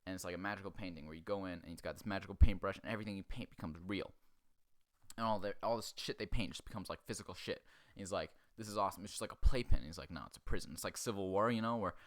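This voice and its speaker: A man hosting a comedy show, recapping an animated film in a crude, sarcastic way and acting out the characters in quick asides. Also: lowish voice. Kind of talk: profane comedic movie recap.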